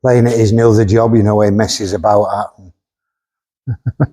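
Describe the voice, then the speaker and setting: This workshop owner hosts a car vlog, strolling among the vehicles and bantering casually in a blunt, joking way, laughing often. His voice sits on the low side, with a steady, dark tone and an unhurried delivery.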